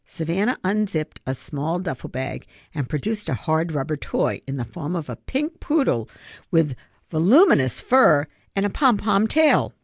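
An audiobook reader giving expressive scripted narration. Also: mid-range voice, a little slow, vocal fry, no echo, clean studio sound. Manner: expressive storytelling.

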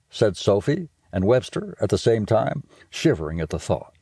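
A man narrating a children's audiobook in a playful, expressive way. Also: sits low, moderate pace, slightly rough, dry recording, clean studio sound.

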